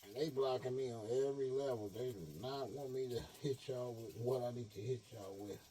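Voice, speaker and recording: A man giving a preachy monologue to his followers, animated and full of slang, swinging from shouts to low mutters. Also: brisk, a little hiss or hum. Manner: streetwise slang with cursing. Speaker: online speaker addressing followers.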